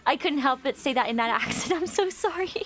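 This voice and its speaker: A woman's voice: high-pitched, lively intonation, brisk, over music. A woman in her twenties chatting casually on a live stream while she plays, reading chat aloud and laughing often. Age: 20s.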